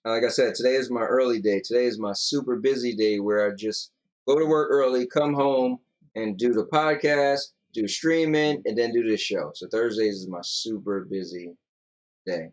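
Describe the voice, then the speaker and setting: A man's voice: mid-range voice, moderate pace. A tired young man co-hosting a casual podcast, rambling loosely and reading out viewer comments. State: yawning, tired. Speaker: podcast co-host.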